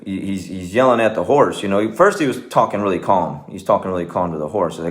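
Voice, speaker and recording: A man's voice: deep voice, expressive, quick pace, few pauses. A man, a martial arts coach, talking casually and earnestly to his viewers, rambling with many fillers and restarts. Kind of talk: casual talk to camera.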